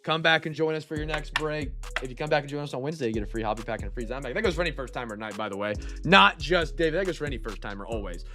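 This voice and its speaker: A man hosting a live card break, excitable and shouting over big pulls, with a stuffed nose. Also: mid-range voice, racing, few pauses, soft background music.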